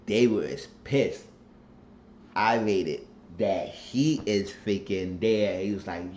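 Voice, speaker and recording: A man's voice: sits low, slow pace. Man, casual show recap, slangy storyteller, muffled recording, light background noise. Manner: animated storytelling, slangy, acts out quotes.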